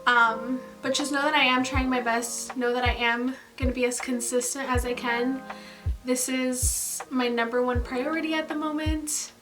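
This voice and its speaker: High-voiced chatty young woman vlogging. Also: level tone, moderate pace. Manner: chatty, gushing, many fillers and laughs. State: pregnant, tired. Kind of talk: casual chat to camera. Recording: mic at a distance, music behind. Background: background music.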